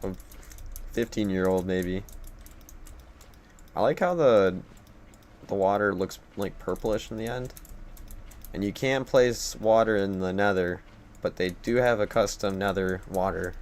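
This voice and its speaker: Deep and darkish in tone, a young man's voice comes unhurried and full of long pauses as he streams a game live at his computer. His casual commentary rambles, with jokes at his own expense.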